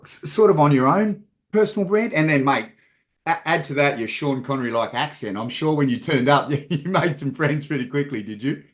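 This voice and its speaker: A man's voice: fairly high pitch, expressive, normal speed. Friendly podcast host man. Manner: friendly, says mate, laughs along. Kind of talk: interview questions.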